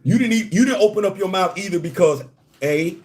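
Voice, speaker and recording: A man's voice: high voice, expressive, a little fast, darkish tone. A man hosting a live discussion stream, giving his opinion in an emphatic, preachy way, repeating his points to drive them home. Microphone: live-stream microphone.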